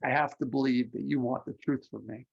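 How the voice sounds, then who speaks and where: A man giving a psychic reading, telling stories with lively acted-out voices. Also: medium pitch, a little fast, vocal fry, husky. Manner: animated storyteller, acts out voices in anecdotes. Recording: lo-fi muffled audio.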